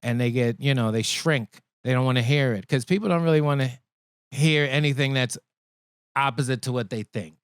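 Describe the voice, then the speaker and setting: A man from the Virgin Islands, a comedian, chatting in an interview in a lively way, laughing and acting out voices. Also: mid-range voice, normal speed, smooth, no echo, clean studio sound. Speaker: comedian guest. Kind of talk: casual interview chat.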